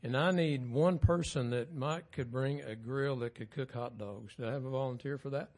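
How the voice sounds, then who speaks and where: A man reads out the church announcements. His speech is relaxed and folksy, with a medium pitch. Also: normal speed. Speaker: pastor.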